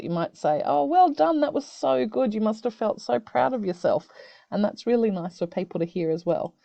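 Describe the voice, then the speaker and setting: A woman who teaches young students, explaining a video-call tool step by step in a gentle, encouraging way. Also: lowish voice, no room sound, muffled recording. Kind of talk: screen-recorded tutorial for children. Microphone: computer mic on a video call.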